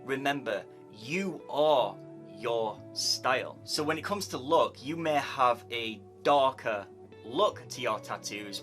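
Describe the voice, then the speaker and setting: A man's voice: mid-range voice, sharp tone. A man who is a tattoo artist, talking casually to camera and giving tips, with a chatty way of repeating words as he thinks aloud. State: yawning, tired. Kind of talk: casual YouTube advice talk.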